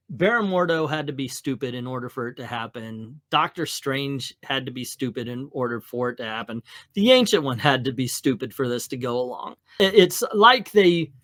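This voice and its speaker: A man's voice: mid-range voice, a bit bright, dry recording, clean studio sound. A man hosting a comics podcast, reading aloud and joking casually about the story. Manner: joking, laughs at his own reading.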